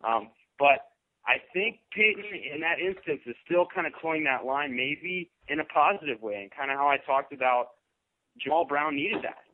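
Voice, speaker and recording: A man's voice: on the high side, lively intonation, moderate pace, slight background noise. A man co-hosting sports radio, thinking aloud about coaching with frequent restarts. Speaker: radio co-host. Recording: tinny phone-like radio broadcast.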